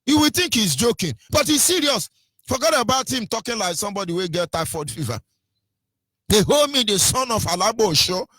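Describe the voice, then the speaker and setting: A man's voice: high voice, lively intonation, a little fast, bright, forceful tone, no echo. A Nigerian man hosting a radio talk, preaching about culture and slipping into pidgin and sing-song mimicry. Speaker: radio host.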